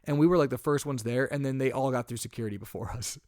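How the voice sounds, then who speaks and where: A young man co-hosting a podcast in casual chat, recounting a story with rising, exasperated energy. His mid-pitched voice sits close and dry on the mic, with no room sound around it. He talks in loose, rambling runs, full of restarts. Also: fast talker, no echo. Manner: animated storytelling, gets louder and higher when exasperated. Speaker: podcast co-host.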